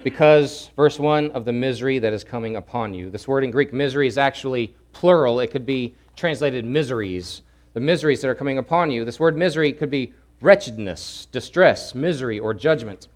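A man preaching a sermon, swinging from loud urgent pleading to hushed, low asides. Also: a little fast. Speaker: pastor.

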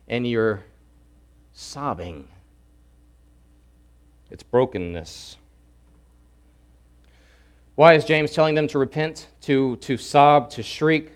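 Man preaching, loud pleas then hushed lows. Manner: swings from loud urgent pleading to hushed low asides. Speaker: pastor. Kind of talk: sermon.

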